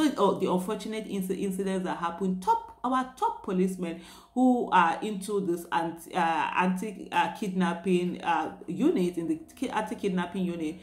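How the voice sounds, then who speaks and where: A woman's voice: on the low side, darkish tone, roomy sound. Chatty Nigerian woman reviewing headlines. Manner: chatty and opinionated, frequent fillers and restarts, slips into Pidgin. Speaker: newspaper review host. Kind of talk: casual spoken commentary on headlines.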